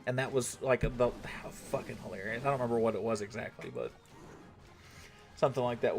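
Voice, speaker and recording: A man's voice: mid-range voice, fairly even intonation, fairly quick, creaky, faint music behind. A man hosting a gaming livestream, chatting loosely with his viewers. He rambles, swears freely and keeps checking in with "right?". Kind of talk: casual chat with a live audience.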